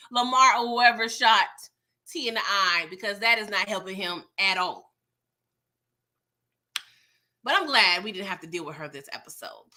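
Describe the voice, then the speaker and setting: High bright-voiced woman reviewing episodes. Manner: chatty and exasperated, laughing at scenes; greets viewers by name. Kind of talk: casual recap commentary.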